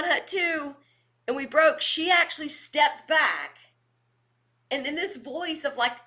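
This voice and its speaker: Bright, lively woman trainer. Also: sits high. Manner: energetic, animated storyteller who laughs often. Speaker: volunteer leadership trainer. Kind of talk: virtual training lecture with storytelling. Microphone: video call microphone.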